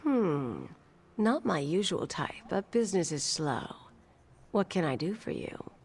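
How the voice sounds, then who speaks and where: A woman's voice: lowish voice, sing-song, measured pace, a little mellow, a little hiss or hum. An actress voicing a wary, secretive female informant in a video game, curt and guarded.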